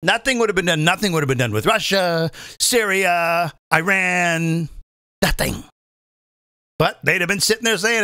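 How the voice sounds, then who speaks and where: A man's voice: high voice, expressive, normal speed, pushed and bright, no echo, studio quality. A male comedian hosting, delivering a profane, combative political rant and often asking the audience to agree. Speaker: comedian host.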